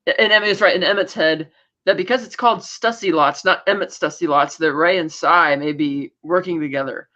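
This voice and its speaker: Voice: mid-range voice, a little fast, bright, forceful tone, muffled recording. Rambling podcast co-host recapping TV. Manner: rambling, restarts, acts out quoted lines. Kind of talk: casual TV episode recap.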